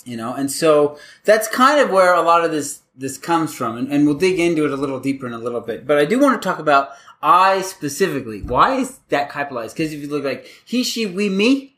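A man with a slightly high voice hosts a casual podcast and explains things as he goes. He rambles in a chatty way, restarts his sentences often and keeps a loose, talky flow. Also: big pitch swings, fairly quick, few pauses, fairly bright tone. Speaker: podcast host.

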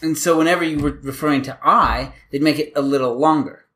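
A man's voice: a little high, brisk, bright, forceful tone. A man hosting a casual podcast, explaining writing and grammar in a chatty, rambling way with many restarts. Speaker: podcast host.

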